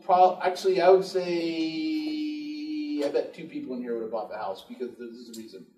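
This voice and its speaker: Workshop speaker, male, a bit high-pitched, storytelling, echoey room with a distant mic. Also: darkish tone. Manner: casual storytelling, acts out dialogue. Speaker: real estate investor teaching a workshop. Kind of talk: live workshop talk to an audience. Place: room with an audience. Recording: echoey room recorded from far off.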